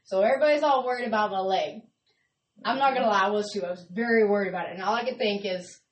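A woman telling stories in casual stand-up, loud and laughing, swearing freely. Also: mid-range voice, fast talker. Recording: echoey room from a distance.

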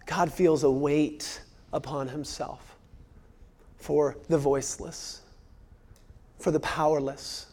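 A man in his thirties, a pastor delivering a sermon, earnest and repeating key phrases for emphasis, sometimes dropping to a hushed near-whisper. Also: a little high, little pitch movement, slow pace, pauses often.

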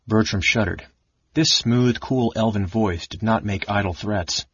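A man reading a fantasy novel aloud as narrator, in an even, measured way. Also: on the low side, slightly rough, no room sound, lo-fi sound. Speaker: audiobook narrator.

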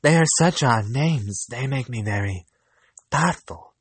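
A man voicing a small eager storybook mouse, pitched up high, slow and dry. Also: animated, husky, no room sound. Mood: puzzled. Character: small good-natured mouse, eager and curious. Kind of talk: storybook reading.

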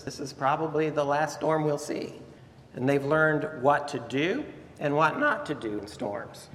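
A male pastor delivering a Sunday morning sermon, telling the story in an animated way and asking his listeners rhetorical questions. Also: mid-range voice, slight background noise. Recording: echoey hall with faint ambience.

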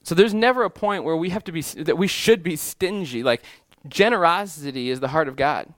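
A man's voice: on the high side, animated, a little fast, a bit bright, no echo, studio quality. A man preaching a sermon in an earnest way, often restarting phrases and building to emphatic lists. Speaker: pastor.

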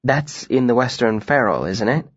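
A male narrator voicing a calm young woman who speaks quietly and gently. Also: medium pitch, normal speed, husky, no room sound, highs cut off. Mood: gentle.

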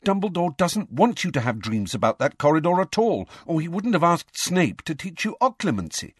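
Bossy clever teen girl, sharp and pushy, pitched way up, as a guy reads her. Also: sing-song, normal speed, husky, no echo, studio quality. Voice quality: sharp, insistent. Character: clever, bossy teenage schoolgirl.

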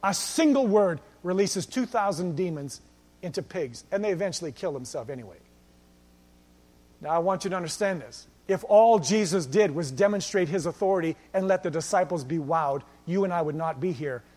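A male pastor delivers a sermon in an animated storytelling style and voices the people in his stories. His voice sits high for a man. The sound carries the long reverb of a church hall. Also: normal speed. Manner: animated storytelling, acting out quoted lines.

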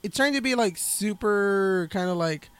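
A man with a notably high voice co-hosts a relaxed film podcast. He rambles, restarts his sentences and laughs often as he talks. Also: a little slow, clear, resonant tone, no echo. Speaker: podcast co-host. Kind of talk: casual film podcast chat.

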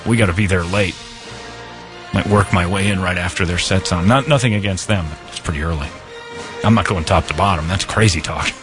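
A man hosting a radio show, bantering in a fast, joking and self-mocking way into a studio mic. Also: deep voice, over music. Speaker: radio host. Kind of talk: casual morning radio banter. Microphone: studio microphone.

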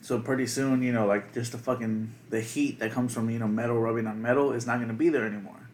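A young man co-hosting a podcast, telling stories in casual chat with a crude, animated manner full of profanity. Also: medium pitch, fast talker, a little hiss or hum. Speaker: podcast co-host.

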